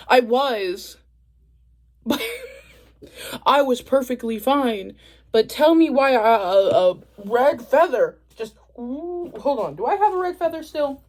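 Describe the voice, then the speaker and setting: A woman's voice: fairly high pitch, darkish tone. A young woman telling a story to camera in a casual, profane, laughing way. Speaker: vlogger.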